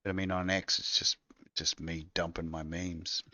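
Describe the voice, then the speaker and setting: Very deep-voiced man, casual. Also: little pitch movement, normal speed, sharp tone, no room sound. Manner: rambling, crude, laid-back. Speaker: co-host. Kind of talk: casual chat. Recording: dull lo-fi dry sound.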